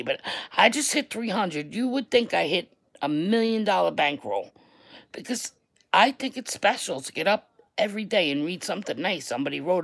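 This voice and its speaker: Blunt, loud New York woman ranting. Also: fairly low pitch, slightly rough, rough recording. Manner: loud, blunt, repeats herself for emphasis, swears. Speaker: online creator. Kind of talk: livestream rant to viewers.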